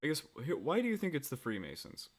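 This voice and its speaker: A man's voice: a little high, huge pitch swings, fast. A man hosting a casual interview, asking probing questions in a hesitant way, with many filler words. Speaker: interviewer host.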